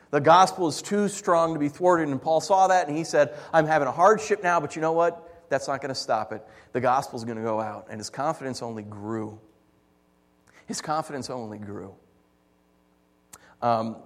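A man preaching a sermon as pastor, animated and jokey, swinging between loud bursts and hushed asides. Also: mid-range voice, big-room sound.

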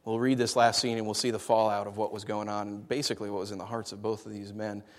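Quick and lowish-voiced, a pastor delivers a sermon full of playful, animated storytelling and big vocal swings. The long reverb of a large hall fills the recording.

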